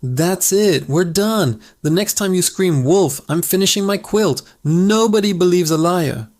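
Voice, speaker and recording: A fed-up village tailor, curt and exasperated, his voice raised a little higher than plain talk, as a male narrator puts him on. It is a storybook character reading. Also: expressive, measured pace, darkish tone.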